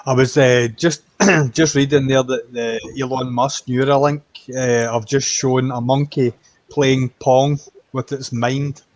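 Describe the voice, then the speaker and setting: A man's voice: mid-range voice, steady tone, no room sound. Hesitant man sharing news in chat. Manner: halting, full of "uh" and restarts. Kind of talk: casual chat on a live stream.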